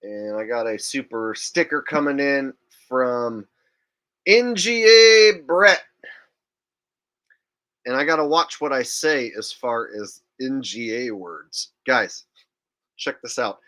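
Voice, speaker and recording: Man, live stream host, bright tense voice, digressive, profane, incredulous. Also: medium pitch, unhurried. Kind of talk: casual live-stream commentary.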